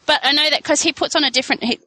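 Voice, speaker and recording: A chatty woman with a bright, somewhat high voice, talking in a casual fan commentary. She trips over restarts and giggles between points. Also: rapid-fire, a little hiss or hum, rough recording. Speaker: podcast co-host.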